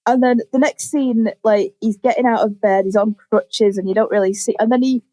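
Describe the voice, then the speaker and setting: A young woman on a podcast, casually telling a story with lively acted-out quotes and plenty of swearing. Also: on the high side, fairly quick, no echo. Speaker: podcast co-host. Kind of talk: casual chat.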